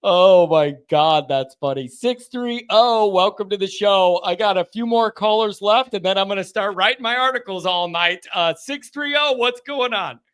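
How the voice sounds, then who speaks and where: A man from the greater Chicago area hosts a live call-in show with a bright, high voice. He keeps things chatty and easygoing and laughs often. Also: normal speed, few pauses, clear, resonant tone. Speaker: host.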